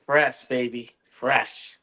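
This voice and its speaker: A man on a video call, excited and laughing about a new jersey. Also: mid-range voice, drawn-out words. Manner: hyped, laughing. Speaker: caller. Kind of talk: excited casual chat.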